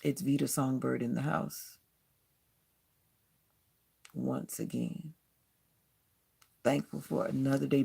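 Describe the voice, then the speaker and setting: Gravelly-voiced woman hosting a late-night livestream. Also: rumbling low, level tone, slow pace, long pauses, warm tone. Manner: talks directly to chat viewers, repeating questions. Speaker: livestream host. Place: home, lit by a ring light.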